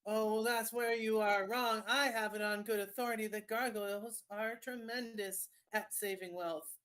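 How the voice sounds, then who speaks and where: Woman doing a high, fawning huckster, all pitch and no pause. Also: fairly even intonation, a bit bright, natural voice. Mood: wheedling. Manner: wheedling, overly polite sales pitch. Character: pushy invisible male salesman.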